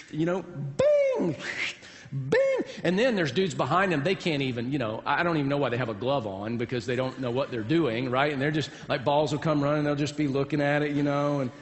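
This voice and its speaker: A man, a pastor, telling a folksy, humorous story in a sermon, recorded with long hall reverb in a large church. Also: on the high side.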